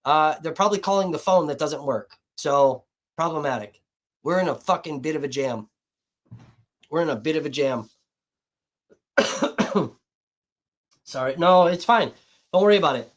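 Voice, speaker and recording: A man's voice: on the high side, measured pace, long pauses. A man livestreaming, rambling casually and profanely to his chat viewers, saying he feels hot and dehydrated.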